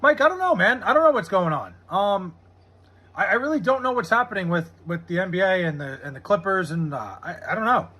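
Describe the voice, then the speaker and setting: Chatting with viewers while reading his stream's chat, an American man from the United States rambles casually, curses, and fills his speech with "like." He sits high in pitch, speaking a little fast with lively intonation and a sharp tone.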